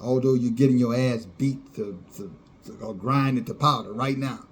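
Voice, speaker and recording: A man's voice: medium pitch, fairly even intonation, normal speed, a little hiss or hum. A man preaching a fiery sermon, scornful and sarcastic, often laughing at those he criticizes.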